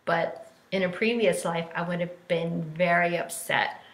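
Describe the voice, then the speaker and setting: This life coach in her thirties has a fairly low voice with fairly even intonation, moving at a measured pace. Her live-stream talk is casual and candid, packed with fillers and acted-out quotes. There's a slight hiss or hum, and the room echoes around her phone or laptop mic.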